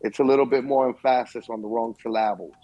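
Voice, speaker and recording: A young man co-hosting a podcast in casual chat, telling stories with lively acted-out quotes. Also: mid-range voice, quick pace, highs cut off. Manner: animated storytelling, acts out quotes. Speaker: podcast co-host.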